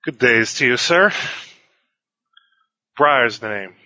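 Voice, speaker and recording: A man doing an honorable knightly warrior, formal, slow, bright voice, dry sound. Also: mid-range voice, animated, no echo, highs cut off, full character voice. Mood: solemn. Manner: formal, hesitant. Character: tall honorable armoured male warrior.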